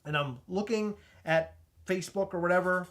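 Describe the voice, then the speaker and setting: A man co-hosting a podcast, telling a comedic story in an animated, excitable way, stumbling over restarts and shouting out retold lines. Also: high voice, normal speed. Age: adult with a child. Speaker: podcast co-host.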